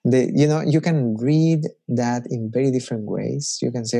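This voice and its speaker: A man's voice: medium pitch, steady tone, moderate pace, gravelly, hardly any pauses, warm tone, slightly rough. A man preaching a conversational sermon as a pastor, reflective and personal, musing aloud.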